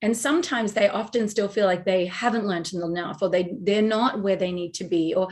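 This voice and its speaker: A woman's voice: medium pitch, moderate pace, a little mellow. A woman hosting a podcast, effusive and reflective in her replies. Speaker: podcast host. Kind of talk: conversational interview.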